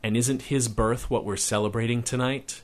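A man's voice: medium pitch, steady tone, normal speed, close to an everyday voice. A man reading aloud and voicing a tired mother who scolds her son firmly but lovingly. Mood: stern. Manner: firm, scolding, tender underneath.

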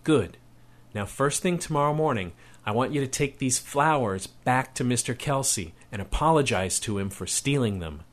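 A man's voice: medium pitch, expressive, normal speed, voice pushed up, lightly acted. A man reading aloud and voicing a tired mother who scolds her son firmly but lovingly. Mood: stern. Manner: firm, scolding, tender underneath.

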